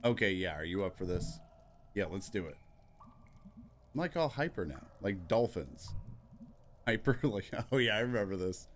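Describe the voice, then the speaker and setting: A man hosting a let's play, reading every character's lines aloud in turn, quick and offhand. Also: sits low, big pitch swings, a little hiss or hum. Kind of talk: reading game dialogue aloud.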